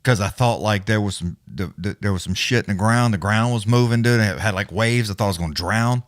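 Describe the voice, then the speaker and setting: A livestream host with a voice on the low side runs a live fight watch-along, chatting casually and telling rambling, profane stories punctuated by chuckles. The recording is dry with clean studio sound.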